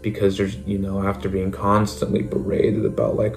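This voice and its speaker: A man's voice: lowish voice, monotone, a little fast, vocal fry, hardly any pauses, a little mellow, faint music behind. A young man contestant reflecting in a confessional, repeating words as he gathers his thoughts. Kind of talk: confessional interview.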